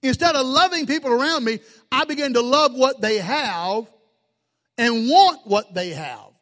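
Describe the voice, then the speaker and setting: A man's voice: very high voice, animated, measured pace, fairly bright tone. A man preaching a sermon as pastor, folksy and emphatic, with lots of repetition. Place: church sanctuary. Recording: long reverb of a large hall.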